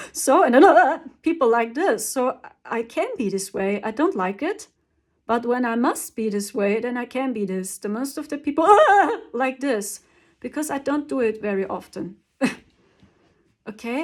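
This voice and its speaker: A woman's voice: a little high, a little mellow. Emphatic woman talking spiritual advice. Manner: emphatic, repeats words for stress, laughs often. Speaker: spiritual channel host. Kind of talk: casual spiritual talk to camera.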